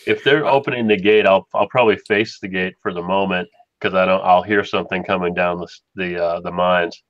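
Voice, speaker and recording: Man, tabletop player, deep voice, monotone, deliberate, dull lo-fi line. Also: no room sound. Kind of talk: casual tabletop play.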